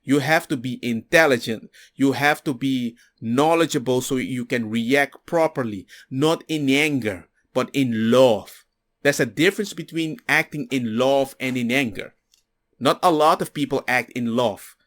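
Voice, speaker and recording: A man's voice: medium pitch, moderate pace. A man in a casual monologue, telling personal stories and acting out what others said. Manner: animated storyteller, acts out others' lines. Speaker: commentator.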